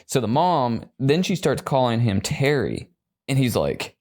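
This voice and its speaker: A man's voice: mid-range voice, a little slow. A man co-hosting a podcast, retelling a film in casual chat with lots of swearing and acted-out quotes. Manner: profane, animated retelling with voices. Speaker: podcast co-host.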